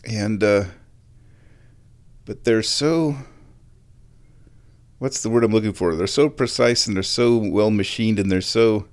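Watching sport, a male vlogger chats loosely with his viewers, thinking out loud, searching for words and drifting between topics. The voice is lowish and a little mellow.

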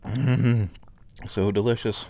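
A man's voice: fairly low pitch, steady tone, slow, mellow, a little hiss or hum. A man hosting his own show from home, chatting in a laid-back, rambling way. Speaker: streamer hosting a recurring show. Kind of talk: casual rambling chat. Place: indoors at home.

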